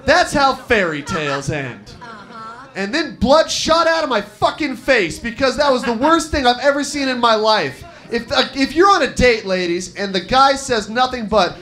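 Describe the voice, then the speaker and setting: A man in his twenties doing a stand-up set on an open-mic bar stage, brash, profane and animated as he tells stories. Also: very high-pitched, normal speed. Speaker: stand-up comic, first-year teacher.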